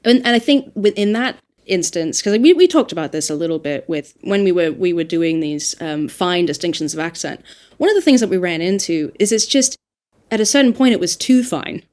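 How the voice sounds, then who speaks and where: A woman who works as a dialect coach, talking through ideas aloud in a casual podcast discussion, emphatic and lively. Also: fairly low pitch, a little fast.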